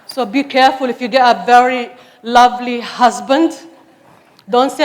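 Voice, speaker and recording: A woman in her forties with a Somali accent speaks on stage in an earnest, emphatic way, with a fairly high voice. She lightens her account with humorous asides. Her voice rings out with a long reverb in a large hall. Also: fairly even intonation, moderate pace. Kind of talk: personal testimony talk.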